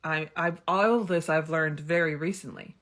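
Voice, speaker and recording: A thirty-something woman with a low, fairly bright voice keeps a steady tone at normal speed. Vlogging a personal story, she's candid and talkative, filling her speech with lots of "um" and "like."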